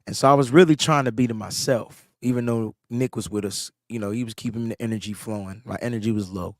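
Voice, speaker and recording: A slightly under-the-weather podcast co-host tells a sports story in casual conversation, growing animated and rising in pitch as he gets excited. He talks fast, and the studio recording is clean with no echo.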